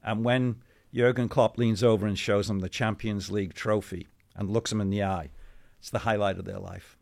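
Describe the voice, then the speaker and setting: A middle-aged man, a guest in an interview, telling anecdotes in a chatty, animated way with many asides. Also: fairly low pitch, moderate pace, gravelly. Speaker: interview guest, former football club CEO. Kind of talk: conversational storytelling.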